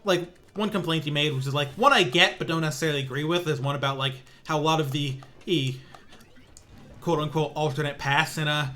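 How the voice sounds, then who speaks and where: A young man chats loosely while he plays pinball, his voice bright and a touch higher than most men's. He rambles, restarts his sentences and slips into sarcastic asides. A little music plays quietly behind him. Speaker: streamer. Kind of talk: casual stream commentary while playing.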